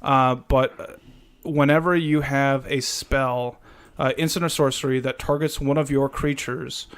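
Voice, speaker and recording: A man's voice: medium pitch, fairly even intonation, measured pace, clean tone. A man co-hosting a podcast, casually walking through how a card game deck works with plenty of fillers. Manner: explains card rules step by step, with many fillers. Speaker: podcast co-host.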